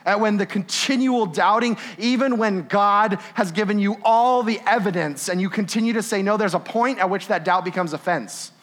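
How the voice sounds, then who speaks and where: A man's voice: sits high, normal speed, hardly any pauses. A young man preaching a sermon in a conversational way, often asking "right?" and acting out little scenes. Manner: animated and conversational, with laughs and tag questions. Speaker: pastor.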